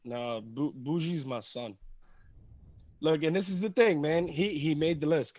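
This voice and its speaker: Man, pro wrestler, heated trash-talk promo, high-pitched, dry close sound. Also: slow pace, long pauses, no echo. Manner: intense, trash-talking, builds to shouting.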